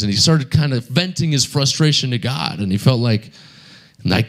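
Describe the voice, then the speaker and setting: A man's voice: mid-range voice, lively intonation, moderate pace, a bit bright. A man preaching a sermon in a conversational storytelling manner. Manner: conversational storytelling with many fillers.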